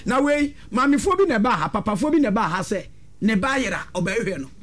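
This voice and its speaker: A man's voice: high-pitched, lively intonation, fairly quick, a bit bright. A man, a panelist speaking earnestly and emphatically, repeating phrases. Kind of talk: talk show discussion.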